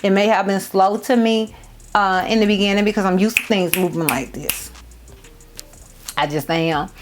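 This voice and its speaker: Heartfelt woman chatting to camera. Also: mid-range voice. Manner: heartfelt, repeats phrases for emphasis; addresses viewers as y'all and girl. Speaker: beauty vlogger. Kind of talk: casual storytime chat.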